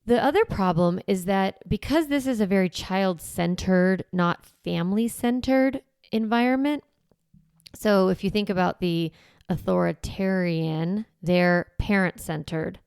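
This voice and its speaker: A woman's voice: mid-range voice, unhurried, vocal fry, darkish tone, smooth, no room sound, studio quality. A middle-aged woman hosting a parenting show, talking through ideas in a conversational, reflective way and often correcting herself mid-sentence. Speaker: parenting coach and podcast host. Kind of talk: casual teaching monologue.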